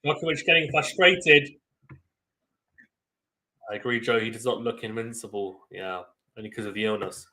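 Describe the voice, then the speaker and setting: A young man hosting a live tennis watchalong, giving excitable play-by-play with sudden bursts of loud surprise and chatting with viewers. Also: mid-range voice, normal speed, pauses often. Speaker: watchalong host.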